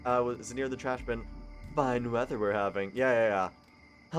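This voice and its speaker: A man's voice: medium pitch, a little slow, faint music behind. Goofy young man reading a game aloud. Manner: goofy, loud and sarcastic. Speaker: gaming channel host. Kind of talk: let's play reading a visual novel aloud.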